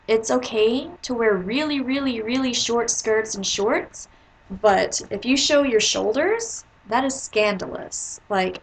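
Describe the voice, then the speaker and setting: A woman who teaches, talking casually to camera as she tells a story and slips into higher voices to quote her pupils. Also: poor audio. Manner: chatty, jumps into high voices when quoting kids.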